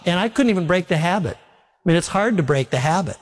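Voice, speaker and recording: A man's voice: sits high, lively intonation, fairly quick. A male pastor preaching a sermon in a folksy, repetitive way, telling homely stories. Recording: long reverb of a large hall.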